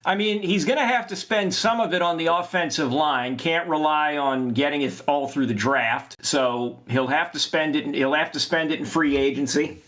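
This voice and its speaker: A podcast co-host with a plain, mid-pitched male voice. He thinks through his answer aloud, stopping and restarting as he goes. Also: normal speed, few pauses, a bit bright. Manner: thoughtful, hesitant restarts. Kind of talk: casual podcast analysis.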